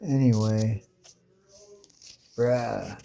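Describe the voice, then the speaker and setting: Laid-back male comic reviewer, dark mellow timbre, swears freely and reacts with disbelief. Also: fairly low pitch, steady tone, very slow, creaky, a little hiss or hum. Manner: profane, slangy, incredulous riffing. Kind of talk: casual comic commentary.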